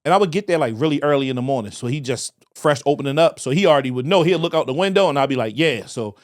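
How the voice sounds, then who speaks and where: A man with a Baltimore accent telling a profane, animated story on a casual podcast, acting out voices as he goes. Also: mid-range voice, very fast, dry recording, studio quality. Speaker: podcast co-host.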